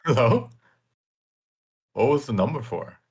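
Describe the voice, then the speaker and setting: A man's voice: medium pitch, expressive, unhurried, darkish tone, slightly rough. A man co-hosting a casual podcast, teasing his partner and searching aloud for words. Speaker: podcast co-host.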